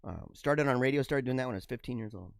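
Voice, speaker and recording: A man hosting a casual livestream show, reading out viewer comments and chatting back in an animated way on a radio-style mic. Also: fast talker, gravelly, no room sound, studio quality. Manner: animated, talks with feeling, drops pitch low for asides. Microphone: radio-style studio mic.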